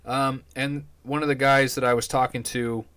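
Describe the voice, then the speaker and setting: A man's voice: medium pitch, flat delivery, normal speed, fairly bright tone, smooth. A man hosting a podcast, talking casually in a rambling, profane, laid-back way. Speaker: podcast host. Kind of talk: casual chat.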